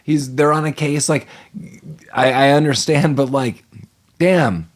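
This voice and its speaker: A man co-hosting a casual podcast, recapping a film and acting out the characters' lines with lots of "like" and laughter. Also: fairly high pitch. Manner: animated, acts out characters' lines in quick impressions. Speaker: podcast co-host. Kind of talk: casual movie recap chat.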